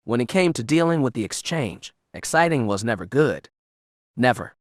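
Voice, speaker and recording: In a clean studio recording free of room sound, a mid-range male voice narrates an audiobook from a script. His delivery stays even and measured throughout.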